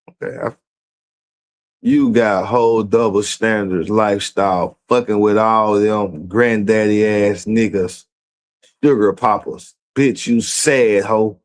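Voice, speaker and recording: A man's voice: fairly low pitch, steady tone, takes it slowly. A man hosting a streamed show, reading out messages and mocking them in a profane, incredulous commentary. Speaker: show host.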